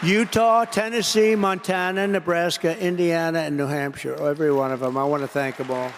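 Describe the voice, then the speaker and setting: Rambling man with gravelly voice. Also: on the high side, fairly even intonation, fairly quick, a faint crowd, slight background noise. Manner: rambling, repetitive, digressive. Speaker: political speaker addressing an association. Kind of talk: rally-style political speech. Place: large convention hall. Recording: long reverb of a large hall.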